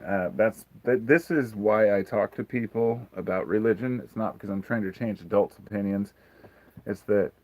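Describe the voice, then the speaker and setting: A man's voice: sits low, darkish tone, poor audio. A man hosting a casual livestream Q&A, talking frankly and rambling, swearing freely. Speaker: livestream host.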